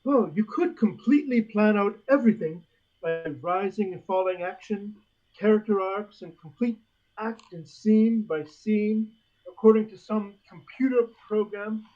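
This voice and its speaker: A man's voice: high-pitched, unhurried. A man doing a manic comedian impression. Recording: dull lo-fi audio.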